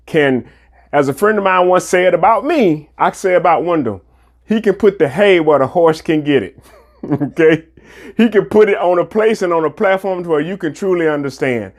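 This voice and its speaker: A man hosting a podcast, speaking with enthusiasm and affirming his guest with short interjections. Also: a little high. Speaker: podcast host. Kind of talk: casual podcast chat.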